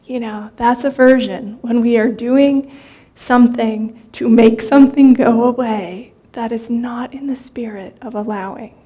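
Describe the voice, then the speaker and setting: A woman meditation teacher giving a dharma talk in a gentle, conversational way, with many fillers and restarts. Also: on the high side, steady tone, a little slow, husky.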